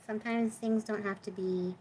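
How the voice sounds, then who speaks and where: A woman's voice: medium pitch, fairly even intonation, moderate pace, a little mellow, slight background noise, low-quality recording. A woman hosting a crafting video, chatting casually and with self-deprecating humor as she works in her home craft room. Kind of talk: casual crafting chat while working.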